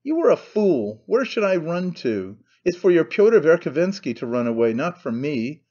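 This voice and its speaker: A man's voice: a little high, expressive, moderate pace, darkish tone, dull audio. A man voicing a desperate young husband who makes curt, urgent demands.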